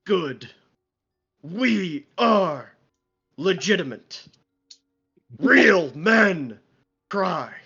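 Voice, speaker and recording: A man voicing a slimy dark symbiote double that earnestly chants short affirmations. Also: sits high, very animated, drawn-out words, gravelly, pauses often, breathy edge, exaggerated voice. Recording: lo-fi stream audio.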